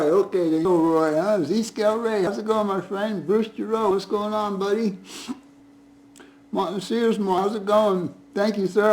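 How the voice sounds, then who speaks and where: A man with a notably high-pitched speaking voice hosts a casual live stream from home. He greets viewers one after another in a friendly, chatty way. Frequent chuckles run through his talk. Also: a little mellow, poor audio. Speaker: livestream host.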